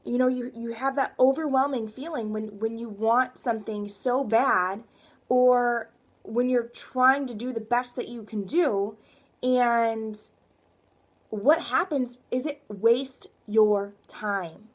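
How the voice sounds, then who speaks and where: Earnest woman coach, slightly high voice. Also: takes it slowly. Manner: earnest, rambling, emphatic. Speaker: fitness coach. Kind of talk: motivational vlog.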